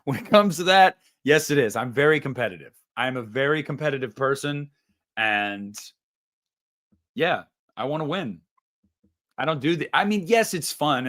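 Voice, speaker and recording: A man's voice: medium pitch, fairly bright tone. A man hosting a casual show, ranting jokingly about losing a contest in a mock-indignant, competitive way. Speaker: podcast host. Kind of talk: casual chat.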